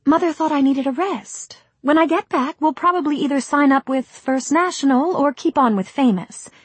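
Woman doing a polite young actress girl, sounds higher and lighter. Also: normal speed, no echo, natural voice.

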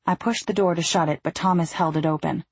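A woman narrates a first-person audiobook in an even storytelling manner. Her voice is husky and a little breathy. The sound is dry and close, with no room sound. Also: lowish voice, fast talker, dry recording.

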